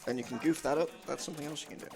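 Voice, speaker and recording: A man's voice: on the high side, rapid-fire, creaky. A man commentating his own speedrun in a casual, jokey way, laughing often. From United Kingdom. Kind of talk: casual live commentary on a game run.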